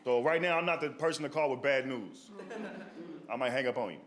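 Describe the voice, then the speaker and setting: This male comic tells meandering stand-up stories with a streetwise edge, gripping a handheld mic before a live crowd and checking in with "you know what I mean." He speaks fairly quickly in a mid-range voice, and laughter from the audience fills the background.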